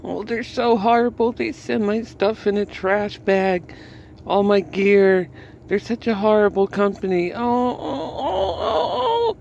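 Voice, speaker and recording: A man putting on a high, whining voice for a woman wrestler who cries and begs, in a mocking way. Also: level tone, unhurried, a little mellow, lo-fi sound, a little hiss or hum. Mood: crying. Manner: exaggerated mocking whine. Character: whiny pleading woman wrestler, crying and begging.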